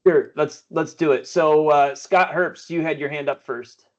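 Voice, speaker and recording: Slightly high-voiced man moderating online. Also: fairly even intonation. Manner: deliberate, hesitant with fillers. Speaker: session host. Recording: slightly dull sound.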